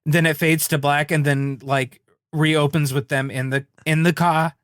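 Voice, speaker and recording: A man co-hosting a casual cartoon podcast, talking in an animated way and slipping into quoted voices with frequent laughter. His voice sits fairly high. The sound is dry and close, with no room around it. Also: unhurried, no echo. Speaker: podcast co-host. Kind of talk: casual chat.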